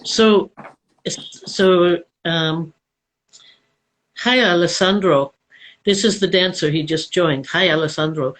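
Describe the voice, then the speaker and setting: A woman's voice: on the low side, takes it slowly, pauses often, poor audio. A woman hosting an online live chat, prompting her guest with curious questions over a video call. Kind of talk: interview hosting.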